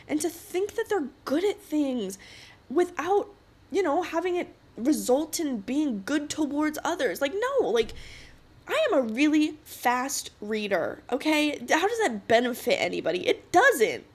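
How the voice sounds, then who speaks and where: A woman in her twenties hosting a casual solo podcast, chatty and giggly, giving an encouraging pep talk. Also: high voice. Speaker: podcast host.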